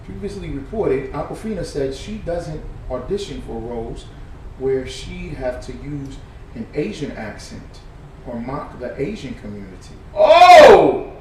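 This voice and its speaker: A man's voice: mid-range voice, animated, measured pace. Man ranting in an echoey room. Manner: swings from muttered reading to loud profane ranting. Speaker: commentator. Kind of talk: heated reaction commentary. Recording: echoey room, distant mic, faint noise.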